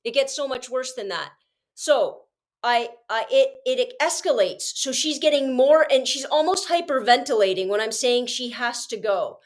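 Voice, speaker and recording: A woman's voice: high-pitched, moderate pace. A woman podcast host telling a long story in casual chat, rambling with frequent restarts.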